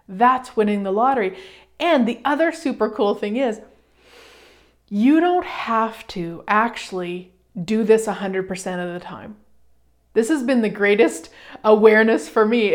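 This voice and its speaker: This woman's slightly high voice carries a casual, animated motivational talk on her radio show. She dramatizes little quoted exchanges and lets the occasional swear word slip.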